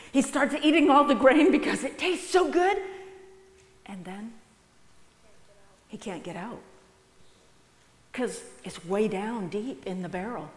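Animated woman telling a children's sermon. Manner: animated storytelling, voicing characters with sudden high-pitched exclamations. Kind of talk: children's object-lesson sermon. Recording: echoey hall with faint ambience.

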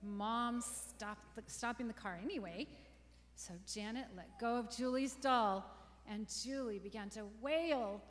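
A woman reading a children's story aloud, gently stopping to ask the young listeners questions. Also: a little high, measured pace. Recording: long reverberant room echo.

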